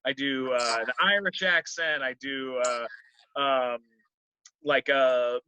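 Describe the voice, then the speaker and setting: A man's voice: mid-range voice, takes it slowly, bright, forceful tone, clean tone, no room sound, lo-fi sound. A man, a comedian, chatting casually in an interview, rambling with many fillers and restarts.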